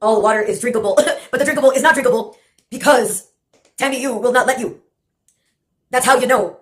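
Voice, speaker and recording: High-voiced sarcastic woman rambling. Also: fairly quick, a bit bright, slight background noise. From Brownsville, Texas. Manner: sarcastic, profane, laughs often; jumps from topic to topic. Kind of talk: rambling monologue.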